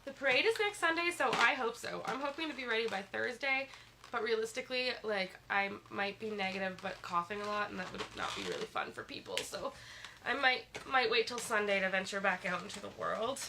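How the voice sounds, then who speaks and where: A woman's voice: mid-range voice, lively intonation, fairly quick, creaky, background noise. A woman livestreaming from her bed while sick, chatting casually and reading viewer comments aloud. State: sick, slightly congested. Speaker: livestream host. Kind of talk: casual live stream chat. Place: in bed at home. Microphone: phone.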